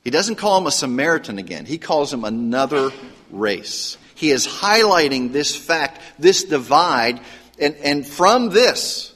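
A pastor preaches in a conversational, lively teaching manner, slipping into voices for quoted lines. His voice sits a little high for a man, and it rings out in a long hall reverb. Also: a little slow. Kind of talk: sermon.

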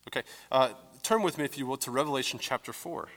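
A pastor teaching a conversational sermon in a church, explaining scripture with casual fillers. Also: male voice, mid-range voice, fast talker, a bit bright, long reverb tail. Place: church sanctuary.

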